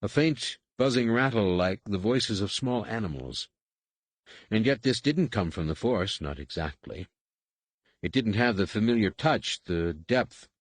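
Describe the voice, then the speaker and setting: A man narrating an unabridged novel in a measured, even storytelling manner, recorded in a studio. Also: lowish voice, no room sound. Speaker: audiobook narrator. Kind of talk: scripted narration.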